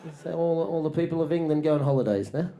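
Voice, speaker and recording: Performing stand-up in a small club, a man rants in disbelief with plenty of swearing, jumping into high, loud shouts as he plays other people. He moves at a quick pace, and a crowd can be faintly heard.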